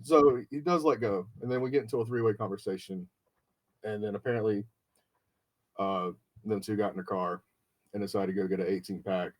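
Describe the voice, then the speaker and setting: A man's voice: fairly low pitch, a little fast. A man hosting a podcast, telling an emotional story in casual, profane chat and acting out his friends' voices. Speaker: podcast host.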